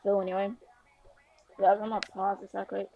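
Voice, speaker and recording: A woman's voice: mid-range voice, completely flat delivery, fairly quick, vocal fry, phone-quality sound, a little hiss or hum. A woman casually improvising a fan story, rambling with lots of fillers and restarts.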